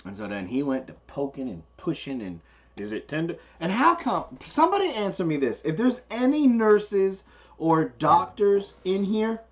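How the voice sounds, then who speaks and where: A man's voice: high voice, normal speed, highs cut off. A man telling a story in casual chat, acting out the people he quotes. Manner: animated, acts out the people he quotes. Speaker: co-host.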